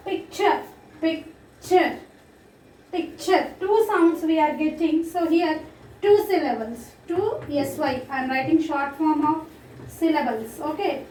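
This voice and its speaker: A woman teacher with an Indian English accent, slowly drilling words and repeating each one clearly for a recorded online class. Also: sits high, darkish tone. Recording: roomy echo, distant mic, faint noise.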